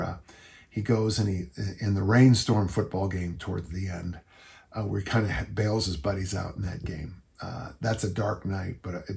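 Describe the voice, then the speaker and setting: Older male podcast host, low gravelly voice, casual folksy coach who rambles warmly. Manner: rambling, folksy storytelling with restarts. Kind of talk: casual listener Q&A chat.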